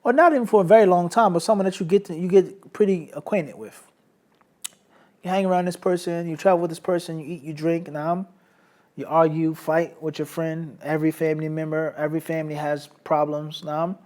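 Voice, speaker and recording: A man's voice: on the high side, fairly even intonation, a little fast, darkish tone. A man teaching a hadith studies class, explaining through everyday examples, checking in with the class and mixing Arabic terms into English. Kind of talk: Islamic studies lecture.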